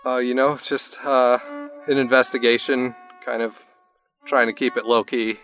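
A man's voice: medium pitch, flat delivery, normal speed, a bit bright, faint music behind. A man playing an agent in a tabletop game, talking hesitantly with lots of fillers and laughs. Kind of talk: in-character role-play.

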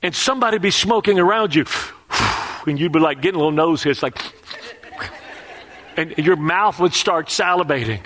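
Animated preacher man, slightly high voice. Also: normal speed, pauses often. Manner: animated storytelling, asks audience questions. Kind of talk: sermon.

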